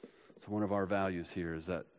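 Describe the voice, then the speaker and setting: A man preaching a sermon as pastor, swinging from loud urgent builds to soft hushed passages, recorded in a church. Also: low-pitched, steady tone, moderate pace, slight background noise. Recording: long hall reverb.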